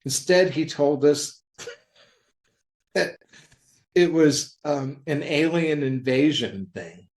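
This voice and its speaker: A man in his seventies, a comics industry veteran appearing as a guest on a comics interview show, shares anecdotes in conversation and animatedly acts out what people said. His voice is fairly high, with drawn-out words and frequent pauses. The recording is rough.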